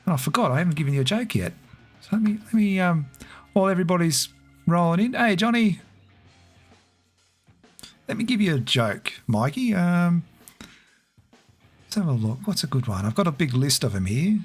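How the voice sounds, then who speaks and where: A man hosts a relaxed game livestream, chatting and laughing with his viewers. His voice sits a touch higher than most men's. Soft guitar music plays faintly behind him. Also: moderate pace, pauses often, breathy edge. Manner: chatty, laughs often, talks to viewers by name. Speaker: game streamer. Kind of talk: casual livestream chat.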